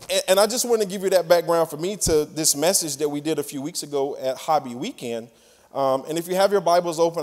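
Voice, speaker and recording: Southern man speaking in a church hall. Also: on the high side. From Mississippi. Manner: relaxed, chatty with laughs and fillers. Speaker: guest speaker. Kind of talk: sermon. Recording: hall reverb from a church stage.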